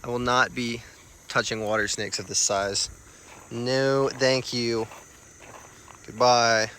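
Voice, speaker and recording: Young male outdoor vlogger, bright-toned, mid pitch, excitable and slangy, crickets behind. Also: slow, slight background noise. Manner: excited, chatty, self-mocking, slangy. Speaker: field herper vlogger. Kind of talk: casual vlog narration on the road. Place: outdoors on a rural road at night.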